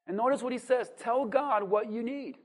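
A pastor preaching a sermon with dynamic swings between loud emphasis and quiet asides, full of rhetorical questions and call-and-response. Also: medium pitch, normal speed.

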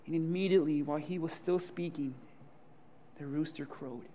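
A man delivering a sermon with a fairly high voice. He reads scripture, then retells it in casual, animated voices, mixing drama with humor. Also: normal speed. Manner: animated, acts out Bible scenes in casual voices, laughs often. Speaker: preacher.

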